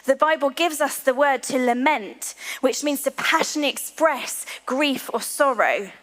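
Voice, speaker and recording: A woman preaching a sermon to her church, earnest, slowing to a hushed voice on key lines. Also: sits high. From England. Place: large church hall. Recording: long hall reverb.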